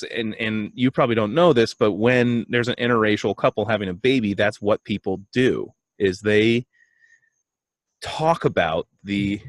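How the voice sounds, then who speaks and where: A man co-hosting a casual comedy chat, telling a story in a halting, self-deprecating way and acting out the voices of the people in it. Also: fairly low pitch, no room sound. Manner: animated storyteller, acts out voices. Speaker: podcast co-host.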